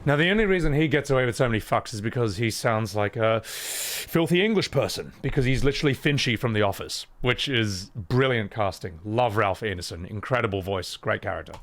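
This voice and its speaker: A man casually commenting on a video game as a YouTuber, animated and jokey. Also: on the low side, a little fast, hardly any pauses. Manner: animated, jokey, breaks into silly voices.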